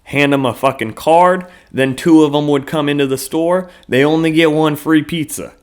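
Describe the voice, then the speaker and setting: A man's voice: on the high side, moderate pace, clear, resonant tone. A man hosting his own podcast in a casual solo monologue, rambling loosely with lots of fillers and frequent swearing. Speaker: podcast host.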